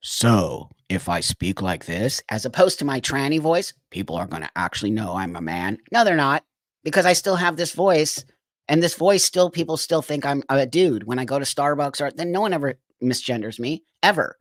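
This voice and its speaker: A man's voice: on the high side, animated, fairly quick, no room sound. A man hosting a livestream, reacting to clips with incredulous, exasperated commentary and frequent laughter. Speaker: livestream host.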